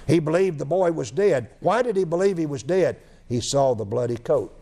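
A man's voice: a little high, expressive, moderate pace, vocal fry, dark tone. A man preaching a sermon, telling a story, repeating phrases and asking rhetorical questions.

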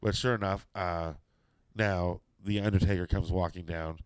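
Brief: middle-aged man, low smooth voice, dry close sound, swears freely while spinning a story. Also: moderate pace, dry recording. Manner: profane, animated storytelling with quoted voices. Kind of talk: casual anecdote telling.

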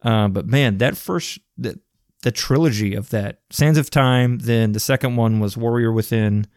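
Man, podcast co-host, enthusiastic, rambling, casual slang, mid pitch, dry close sound. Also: unhurried, darkish tone, no room sound. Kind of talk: casual chat about video games.

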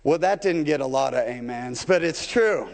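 A man's voice: medium pitch, lively intonation, moderate pace, vocal fry. A man pastor preaching a sermon to his church, putting rhetorical questions to the congregation. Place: church sanctuary. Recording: long hall reverb.

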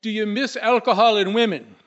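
A man doing a fretful, high-pitched fellow. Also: fairly even intonation, a bit bright. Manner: urgent, rapid-fire questioning. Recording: dull lo-fi recording.

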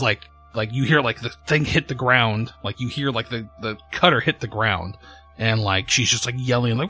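A man's voice: medium pitch, moderate pace, sharp tone, faint music behind. A man narrating as game master of a tabletop horror game, loose and rambling, with many fillers.

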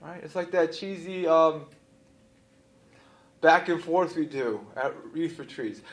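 Slow-talking pastor preaching conversationally. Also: male voice, on the high side. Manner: conversational preaching with frequent "right?" asides and laughs. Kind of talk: sermon.

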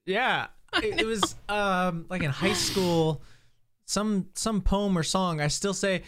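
A man's voice: high-pitched, slow pace, a bit bright. A man in his twenties hosting a podcast in casual chat, rambling and making self-mocking jokes. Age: 20s. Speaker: podcast host.

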